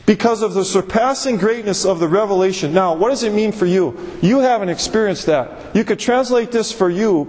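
A man preaching from the pulpit in a high, emphatic voice, slowing down to stress each scripture phrase. His words ring out with a long reverb from the large hall around him. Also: animated, a little mellow. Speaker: pastor. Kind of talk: sermon.

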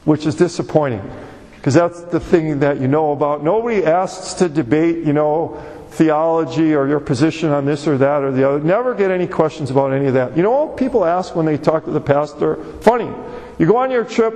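Male pastor, fairly high voice, emphatic conversational preaching, long hall reverb. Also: a little fast, darkish tone. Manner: conversational and emphatic, repeats words when pressing a point. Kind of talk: sermon.

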